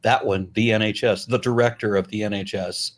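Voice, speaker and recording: A middle-aged American man talking casually as a guest, blunt and profane, animated, with frequent restarts. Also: lowish voice, a little fast. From United States. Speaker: YouTuber and guest. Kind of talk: casual conversation.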